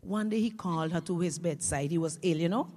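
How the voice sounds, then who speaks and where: A woman telling comic stories in a lively creole style and acting out the scenes. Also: fairly low pitch, fairly quick. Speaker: storyteller. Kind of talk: comic storytelling. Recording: reverberant hall.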